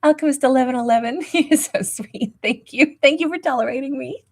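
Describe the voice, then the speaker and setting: A woman with a high-pitched, fairly quick voice and a darkish tone hosts a livestream tarot reading, speaking in a peppy, emphatic way and greeting viewers with endearments.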